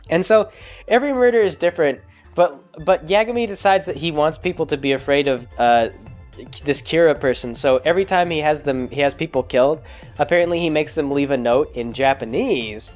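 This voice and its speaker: Sarcastic male host, fairly high voice, loose and rambling. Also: expressive, normal speed, faint music behind. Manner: rambling, sarcastic, self-interrupting. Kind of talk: comedic movie recap.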